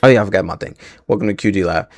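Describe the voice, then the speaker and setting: A man's voice: low voice, very fast, no room sound, clean studio sound. A young man hosting a live stream, ranting angrily and swearing freely about film news. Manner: angry, profane ranting.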